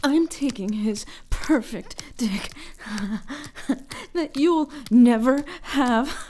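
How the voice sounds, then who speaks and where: A young woman voicing a possessive, doting girlfriend in a whispered role-play, breathy, hushed and unhurried. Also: on the high side, slight background noise. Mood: heated, breathless. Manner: breathy, hushed and intimate, slow and lingering.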